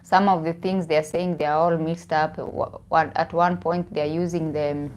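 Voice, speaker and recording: A woman's voice: low-pitched, fairly even intonation, normal speed, darkish tone, a little hiss or hum. A young woman with a Kenyan accent chatting casually on a live stream, laughing often and restarting her phrases. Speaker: vlogger.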